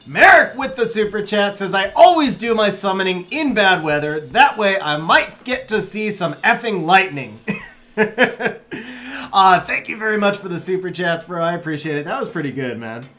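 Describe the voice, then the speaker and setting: A man's voice: sits high, lively intonation, normal speed, sharp tone. A young adult man streaming a game live, reading out chat messages in a laid-back way, chuckling often and calling viewers bro.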